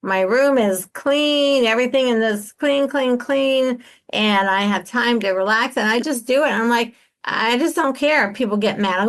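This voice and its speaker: Woman in her 60s, podcast host, fairly high voice, lively and emphatic, acts out other people's lines. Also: normal speed, hardly any pauses. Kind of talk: casual interview chat.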